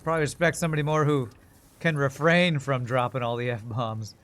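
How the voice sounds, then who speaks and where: A man's voice: mid-range voice, fairly even intonation, brisk, a bit bright. Man thinking aloud on a game stream. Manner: rambling, thinks aloud, self-mocking. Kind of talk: casual live-stream commentary while playing.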